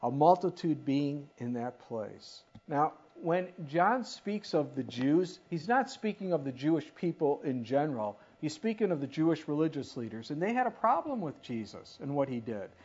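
A preacher delivering a sermon, with a voice that climbs and falls across a wide range as the points land. The delivery is animated, full of questions thrown out to the congregation. The recording is dull and lo-fi. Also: medium pitch, normal speed, few pauses, husky. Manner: animated, asks the listeners questions.

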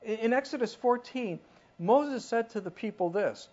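A preacher delivering a sermon, with a voice that climbs and falls across a wide range as the points land. The delivery is animated, full of questions thrown out to the congregation. The recording is dull and lo-fi. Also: mid-range voice, normal speed. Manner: animated, asks the listeners questions.

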